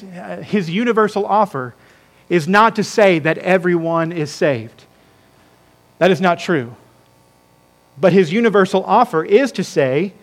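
A man. He speaks emphatically and stretches out important phrases for weight. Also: sits high. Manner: emphatic, slows down to stress key words. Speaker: pastor. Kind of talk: sermon. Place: church sanctuary.

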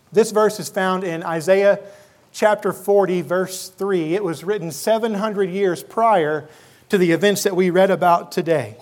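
High-voiced earnest male pastor. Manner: earnest preaching, slows to stress key words. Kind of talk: sermon. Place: church sanctuary.

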